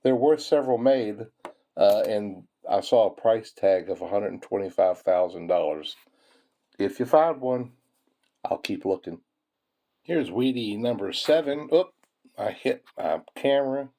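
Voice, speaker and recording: A coin-roll hunting channel host chats casually with viewers as he sorts pennies, folksy in manner, chuckling often and calling everyone folks. His voice is fairly low and mellow, with lively intonation and a slightly slow delivery.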